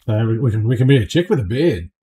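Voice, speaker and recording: As he plays a space game on stream, an adult man offers casual commentary, joking and often ending with a questioning "eh?". His medium-pitched voice swings widely in pitch, runs quickly, and sounds mellow but slightly rough.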